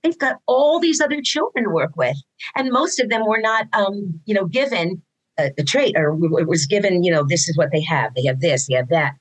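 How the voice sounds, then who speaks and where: Low-voiced woman telling stories animatedly. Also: fairly quick, poor audio. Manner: animated storytelling, acts out quoted dialogue, frequent restarts. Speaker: guest, mother of a neurodivergent son. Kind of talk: casual conversational interview.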